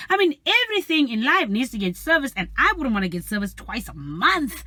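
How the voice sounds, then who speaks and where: A woman's voice: fairly high pitch, fairly quick, hardly any pauses, dry recording, clean studio sound. A young woman vlogging from her parked car, telling stories in a casual chat and acting out her friends' voices as she goes. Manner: animated storyteller, acts out friends' voices.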